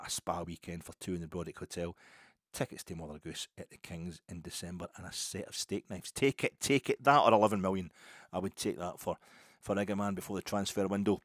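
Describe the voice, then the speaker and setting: A Scottish man in his fifties talks through his own podcast in a deep, slightly husky voice. He rambles and doubles back on himself with dry, wry humour, and the sound is close and dead with no room echo. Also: monotone, fairly quick. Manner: rambling, wry, self-correcting. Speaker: football podcast host. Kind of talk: casual solo podcast chat.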